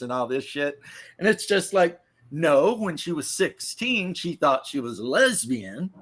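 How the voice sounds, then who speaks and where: A man's voice: fairly high pitch, animated, measured pace, a bit bright. Profane rambling man from the American South. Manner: profane, rambling, joking storyteller. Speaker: podcast host. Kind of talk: casual podcast chat.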